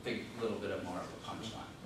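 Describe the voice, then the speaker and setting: A man giving a humorous contest speech, telling a comic story in an animated way. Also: low voice, fast talker. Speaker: contest speaker. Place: meeting room. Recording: echoey room, distant mic, noise.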